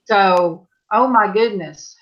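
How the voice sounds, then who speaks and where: A woman's voice: medium pitch, slow pace. Middle-aged woman host, chatty and rambling, heard through dull lo-fi video-call audio. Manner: rambling storyteller, trails off with fillers and restarts. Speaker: host of a live panel chat. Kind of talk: casual chat.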